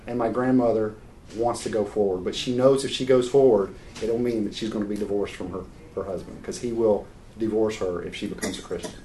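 Male preacher, mid-pitched, earnest and unpolished, some restarts, faint noise under it. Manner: earnest, unscripted, frequent restarts. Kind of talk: sermon with personal story.

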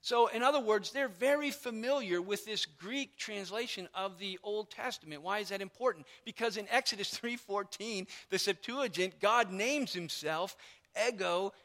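A man preaching a sermon as pastor, explaining a passage with animated emphasis. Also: high voice, normal speed. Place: church sanctuary. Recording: long hall reverb.

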